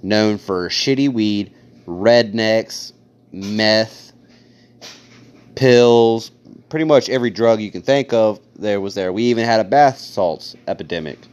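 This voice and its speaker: A man's voice: lowish voice, slow pace, darkish tone, clean tone. A young man from Ohio hosting a podcast, telling stories in a crude, heavily profane, sarcastic way. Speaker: podcast host. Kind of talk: casual storytelling monologue. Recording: dull lo-fi recording.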